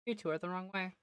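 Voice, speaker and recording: A woman's voice: lowish voice, smooth, no echo. A woman streamer giving casual gameplay commentary, talking to herself and laughing often, her voice slightly worn. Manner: chatty self-talk, laughs often.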